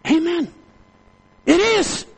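Fervent male preacher, very high gravelly voice, builds his sermon with repetition and rising shouts. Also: expressive, takes it slowly, low-quality recording.

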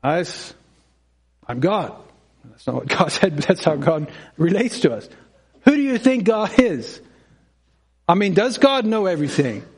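Male preacher, high pitched voice, chatty sermon delivery with frequent chuckles and questions to the room. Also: very animated, moderate pace, long pauses, husky. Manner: conversational, acts out dialogue, asks congregation questions; chuckles often.

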